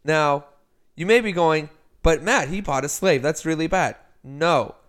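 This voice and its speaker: Smooth higher-voiced man recapping a plot. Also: unhurried, a bit bright. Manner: rambling plot recap, quoting characters' lines. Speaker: podcast co-host. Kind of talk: casual chat.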